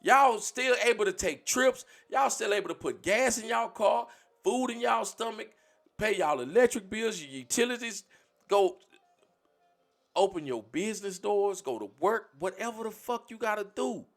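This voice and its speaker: A man's voice: high-pitched, animated, moderate pace, creaky, a bit bright, soft background music. A man on a livestream, speaking bluntly and profanely, lecturing his community in a preachy rant.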